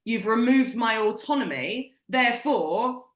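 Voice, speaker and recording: A woman's voice: a little high, animated, measured pace, a bit bright, roomy sound. A British woman in her forties co-hosting a podcast, talking in a blunt, emphatic way and swearing freely. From Britain. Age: 40s. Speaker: podcast co-host. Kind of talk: casual chat.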